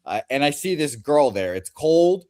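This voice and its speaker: A man's voice: on the high side, big pitch swings, moderate pace, darkish tone, dry recording, studio quality. A man on a podcast telling a story casually, blunt and profane. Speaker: podcast co-host.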